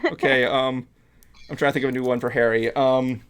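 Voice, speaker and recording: A man's voice: medium pitch, flat delivery, a little fast, fairly bright tone, clean tone. A man hosting a casual podcast, narrating a script read with lots of fillers and laughs. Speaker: podcast host.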